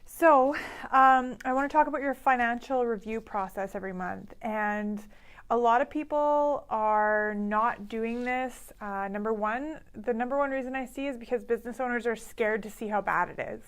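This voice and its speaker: Brief: woman coach, slightly high voice, upbeat and direct, casual live-stream talk. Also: moderate pace, clear, resonant tone. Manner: upbeat, laughs easily, direct advice. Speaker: business coach.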